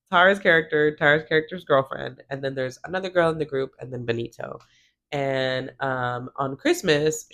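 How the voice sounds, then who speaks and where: A woman recapping a TV episode in a casual, chatty way, using "like" often and briefly acting out the characters' lines. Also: sits low. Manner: chatty, heavy use of "like", acts out characters' lines. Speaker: TV recap vlogger.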